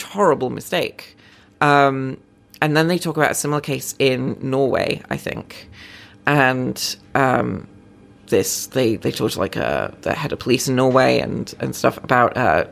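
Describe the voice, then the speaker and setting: A woman's voice: rumbling low, gravelly. A woman comedian chatting casually on a podcast, rambling and self-deprecating with many fillers.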